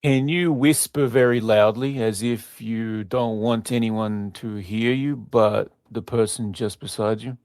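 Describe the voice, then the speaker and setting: A man casually testing a voice assistant, hesitant and halting with many fillers. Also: on the low side, fairly even intonation, a little mellow, no echo, studio quality. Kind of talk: casual chat.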